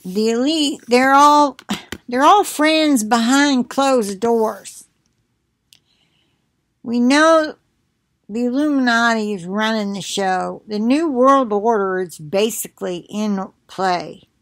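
A middle-aged woman thinking aloud at home, reading scripture between bouts of coughing and musing in a slow, unhurried way. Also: on the high side, dry recording, clean studio sound. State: coughing, choking up. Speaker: video blogger. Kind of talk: casual commentary with scripture reading.

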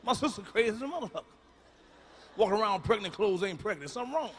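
Profane high-voiced comedian shouting on stage. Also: male voice, lively intonation, quick pace, noisy background. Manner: profane, emphatic, shouting punchlines. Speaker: stand-up comedian. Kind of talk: stand-up comedy routine. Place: large concert venue.

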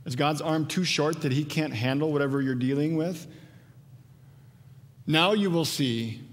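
A pastor preaching a conversational sermon, animated when acting out quotes. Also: male voice, a little high, unhurried. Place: church sanctuary. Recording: long church reverb.

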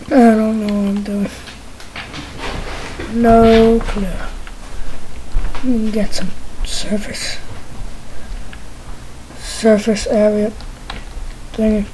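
A woman mutters her way through a game in a relaxed, unhurried drawl. Her tone is mellow and playful, like someone talking to herself at a home computer. Faint keyboard typing ticks along behind her. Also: mid-range voice, a little hiss or hum, rough recording. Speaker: gamer. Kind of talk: casual gameplay commentary.

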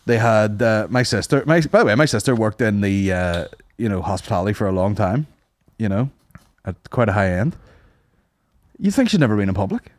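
A man co-hosting a podcast, telling a story with lots of swearing and high-pitched mimicry. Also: fairly quick. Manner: animated storyteller, swears a lot, mimics people in high voices. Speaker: podcast co-host. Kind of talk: casual chat.

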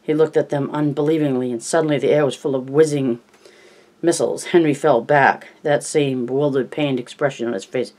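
A man narrating a novel in an even, measured storytelling voice. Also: medium pitch, rough recording. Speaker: audiobook narrator.

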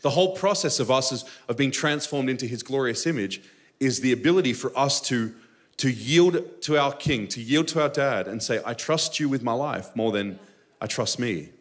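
A man preaching a live sermon in a church sanctuary. His voice sits at an ordinary middle pitch. He is impassioned, surging into emphatic high bursts before dropping back to quiet storytelling. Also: lively intonation, moderate pace.

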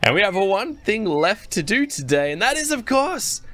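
A young Australian gaming YouTuber gives chatty, excitable Let's Play commentary, talking directly to his viewers. His voice is high-pitched at a normal speed, and the recording is dry.

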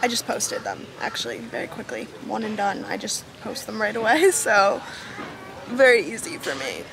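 A woman's voice: mid-range voice, sing-song, moderate pace, creaky, noisy background. A young woman vlogging casually to her phone camera, gushing and upbeat as she talks through her festival trip. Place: festival trip: hotel, pool, outdoors.

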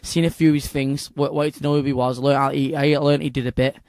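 A young man with a Manchester accent, chatting excitedly as an interview guest, rambling and restarting his sentences. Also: medium pitch, fast, no room sound, studio quality. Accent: Northern English, Manchester. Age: young adult. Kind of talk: casual interview chat.

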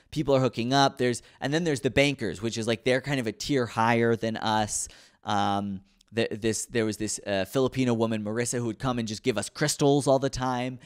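A man in his thirties hosting a podcast, telling casual stories about an old job in a rambling, profane, self-mocking way. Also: mid-range voice. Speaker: podcast host. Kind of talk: casual storytelling monologue.

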